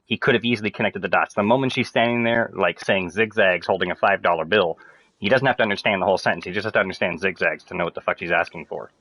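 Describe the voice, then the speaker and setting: A man ranting casually to viewers, rambling, swearing and turning loud and emphatic. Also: sits low, quick pace, no echo, rough recording. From Canada. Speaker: streamer.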